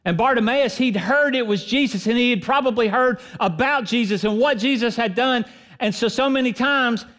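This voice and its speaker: A man preaching a sermon as pastor, emphatic and swinging between loud and soft delivery. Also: very high-pitched, normal speed.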